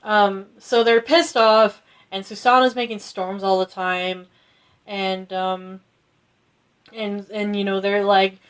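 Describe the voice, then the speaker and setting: A woman co-hosting a casual podcast, retelling a myth in a rambling, giggly way with lots of swearing and quick character voices. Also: mid-range voice, level tone, smooth. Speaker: podcast co-host retelling myths. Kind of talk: casual chat.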